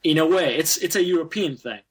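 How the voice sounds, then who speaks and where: A man's voice: on the high side, brisk, husky. A Spanish-speaking man with American-trained English, chatting as an interview guest, talking in loose restarts and fillers. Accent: American-trained English over a Spanish background. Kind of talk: casual interview.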